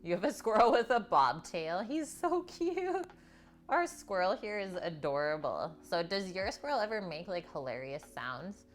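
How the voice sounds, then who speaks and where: A woman's voice: on the low side, animated, normal speed, hardly any pauses, faint music behind. A woman hosting a live cooking stream from her home kitchen, chatting with viewers and reading their comments aloud between steps. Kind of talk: live cooking demonstration with chat replies.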